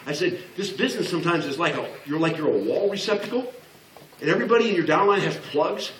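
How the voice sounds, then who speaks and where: His voice is on the high side, animated and fast, with a bit of brightness and slight background noise. A man in his sixties, he gives a blunt, joking motivational business talk in a large hall before an audience, acting out the voices he quotes, with echo from the distant mic.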